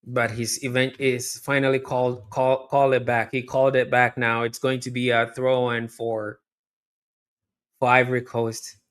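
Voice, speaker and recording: A man's voice: mid-range voice, unhurried, clear, resonant tone. A man hosting a live watch-along, chatting through the match and talking straight to his viewers. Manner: chatty, talks to viewers directly, repeats himself; erupts into loud excited shouting at near misses. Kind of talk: live match reaction commentary.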